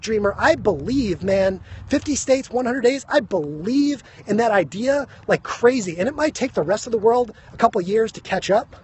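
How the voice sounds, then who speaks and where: A man pitches motivational steps in quick, punchy bursts and keeps tagging his points with "right?". His voice sits high and a little husky, and he sounds out of breath. It comes through a phone live stream. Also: darkish tone. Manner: fast, emphatic, keeps asking "right?". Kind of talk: energetic motivational talk to viewers. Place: high school grounds.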